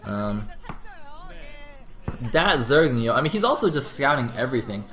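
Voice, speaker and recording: A man giving live play-by-play commentary on a strategy game match, excitable and jumping up in pitch whenever the action heats up. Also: moderate pace. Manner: excitable, voice jumps high at action. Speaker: esports commentator. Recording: dull lo-fi stream audio.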